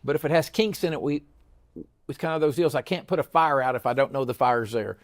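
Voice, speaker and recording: A man's voice: medium pitch, a little fast. A man, a school superintendent hosting a casual chat, rambling and repeating words. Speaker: school superintendent, show host.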